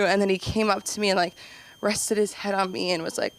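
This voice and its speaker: A young woman doing open mic stand-up, rambling and self-deprecating, acting out quoted voices with sudden jumps up in pitch. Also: fairly even intonation, fairly quick, vocal fry. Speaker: stand-up comedian.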